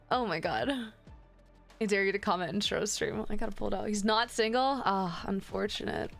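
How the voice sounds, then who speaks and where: A woman's voice: mid-range voice, moderate pace, vocal fry, faint music behind. A woman streamer chatting casually with her viewers while gaming, joking in a playful, crude and flirty way.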